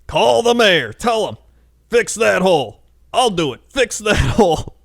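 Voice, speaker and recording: A man doing a shrill, insistent old man. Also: big pitch swings, a little slow, vocal fry, no echo, clean studio sound, full character voice. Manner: adamant, repeating himself. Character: insistent fussy old man complaining about a pothole.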